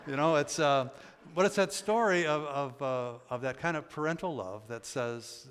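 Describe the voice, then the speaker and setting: Older male pastor, folksy and conversational, mid-pitched voice, long church reverb. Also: moderate pace, fairly bright tone, clean tone. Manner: conversational, folksy storytelling with frequent fillers and laughs. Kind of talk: sermon. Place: church sanctuary.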